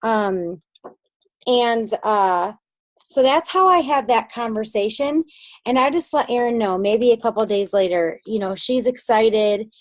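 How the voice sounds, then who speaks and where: A woman's voice: fairly high pitch, lively intonation, unhurried, no echo. Chatty woman coaching her sales team. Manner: chatty coaching that acts out phone conversations; checks in with listeners often. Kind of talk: casual instructional talk.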